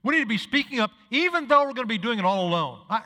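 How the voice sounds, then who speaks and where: A man's voice: extremely high pitch, big pitch swings, quick pace, sharp tone, long reverb tail. A male pastor preaching a sermon, telling stories and acting out the dialogue, building to emphatic peaks. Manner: storytelling, acts out dialogue, rises to emphatic peaks.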